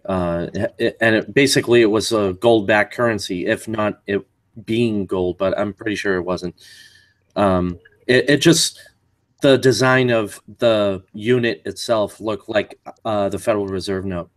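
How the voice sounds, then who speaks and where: Laid-back man hosting with a low voice. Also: a little slow, dry recording. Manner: laid-back, hesitant, many fillers. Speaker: show host. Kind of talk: casual live show chat.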